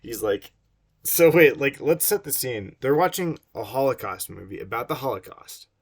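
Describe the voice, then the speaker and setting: A man's voice: mid-range voice, expressive, moderate pace, slightly rough. A man reading a book aloud and breaking off into wry, digressive asides, laughing at his own jokes.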